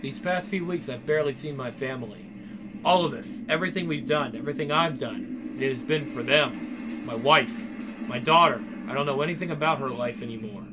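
A man's voice: mid-range voice, brisk, background noise, close to an everyday voice. A man voicing a worried middle-aged father who broods in a tense inner monologue in an amateur voice-acted drama. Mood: brooding.

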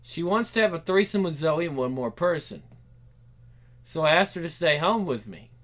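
A man's voice: a little high, lively intonation, normal speed, a bit bright. A man voicing a game's hero, thinking aloud in a panicky way and swearing often. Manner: cursing, panicky, talks to himself. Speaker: player voicing the protagonist. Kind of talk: game voice-over playthrough.

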